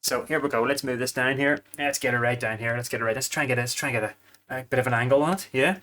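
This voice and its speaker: A man's voice: medium pitch, quick pace, pushed and bright. A man, a food vlogger chatting casually through a home cooking demo with rambling, self-mocking asides.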